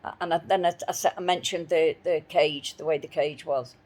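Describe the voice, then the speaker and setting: A woman's voice: deep voice, steady tone, a little fast, darkish tone. Indignant woman telling a story. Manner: indignant, retells arguments with repeated phrases. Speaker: dog owner telling her story. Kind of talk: spoken personal account.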